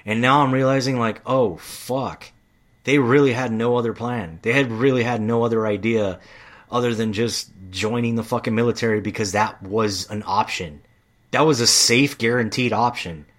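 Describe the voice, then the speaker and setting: A man's voice: mid-range voice, moderate pace, fairly bright tone. A man telling stories in a casual, heated monologue, swearing often and getting worked up. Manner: profane, heated storytelling.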